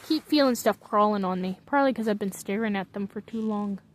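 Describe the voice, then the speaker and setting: Talking fairly quickly in a mid-range voice, a woman vlogger lounges on her bunk bed and muses aloud to herself. Her casual commentary wanders loosely from thought to thought.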